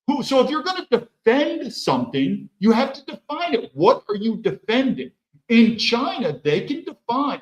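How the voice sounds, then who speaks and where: A heated male host delivers political commentary, firing rhetorical questions and swearing freely. His voice sits high and swings animatedly. The room adds a roomy echo. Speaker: podcast host. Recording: echoey room.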